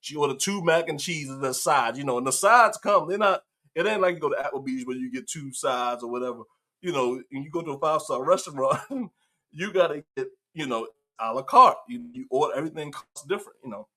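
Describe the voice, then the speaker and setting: A man's voice: on the high side, animated, fairly quick, pushed and bright. A male host telling a story in casual commentary, acting out the quotes and laughing often.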